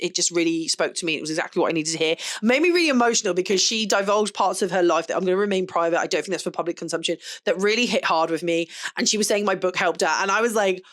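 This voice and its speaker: A woman's voice: on the low side, a bit bright. A young adult woman, chatting casually to camera about an event, rambling and laughing often. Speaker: photographer and vlogger.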